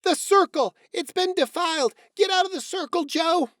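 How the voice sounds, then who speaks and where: A man voicing a frantic, superstitious farm mother who shouts in panic in a storybook reading. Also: very high voice, moderate pace, dry recording, studio quality, pitched above the performer's own voice. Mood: panicked.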